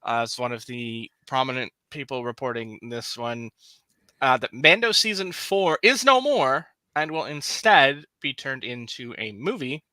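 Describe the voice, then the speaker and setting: A man's voice: mid-range voice, animated, a little slow, bright, forceful tone, no room sound. A man hosting a podcast, chatting casually and reading channel promos with upbeat asides. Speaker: podcast host.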